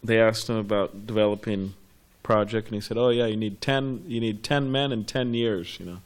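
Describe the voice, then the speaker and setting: A man's voice: lowish voice, steady tone, moderate pace. A man in a class, telling a story casually and rambling with fillers and restarts. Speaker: class participant.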